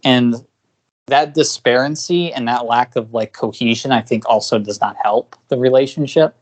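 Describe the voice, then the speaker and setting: Speaking at a normal speed in a medium pitch, a man co-hosts a podcast and discusses things casually. He talks for a long time, rambling, filling gaps with fillers and often starting over.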